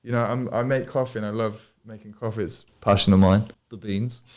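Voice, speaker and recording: Man, podcast guest, low-set voice, loose rambling delivery full of fillers. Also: steady tone, a little fast. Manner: rambling, many fillers and restarts, swears freely. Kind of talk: casual podcast chat. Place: studio.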